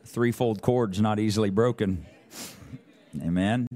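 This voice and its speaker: A middle-aged man preaches a sermon built around a personal story, his warm voice moving at a measured pace. He rambles and restarts, and his pitch and volume rise as the story builds in intensity.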